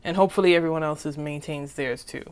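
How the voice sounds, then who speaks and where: A woman's voice: sits low, fast talker, clean tone. A woman doing a casual tarot reading who rambles, repeats herself and keeps asking "okay?". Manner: chatty and informal, with "okay?" checks. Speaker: tarot reader.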